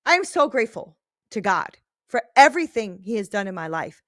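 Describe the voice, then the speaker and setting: A woman's voice: on the high side, lively intonation, fairly quick, a bit bright, no echo, studio quality. Emphatic, earnest woman podcast host. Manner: earnest, emphatic, often tag-asks "right?". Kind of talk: casual faith-based podcast talk.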